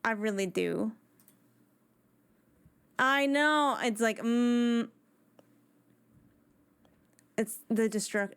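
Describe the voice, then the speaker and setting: A woman's voice: fairly high pitch, very slow, long pauses, fairly bright tone, clear, resonant tone. A woman live streaming from home on a desk microphone, chatting casually with her viewers and greeting them one by one.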